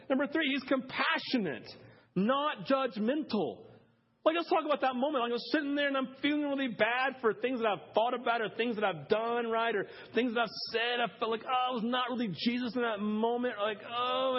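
Husky man preaching, swinging hushed to loud. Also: extremely high pitch, lively intonation, normal speed. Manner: many fillers like "like" and "listen". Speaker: pastor. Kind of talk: sermon. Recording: dull lo-fi sermon audio.

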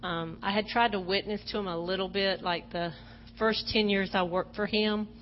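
A woman sharing a personal testimony at church, talking hesitantly with frequent pauses and fillers. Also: medium pitch, steady tone, muffled recording, a little hiss or hum.

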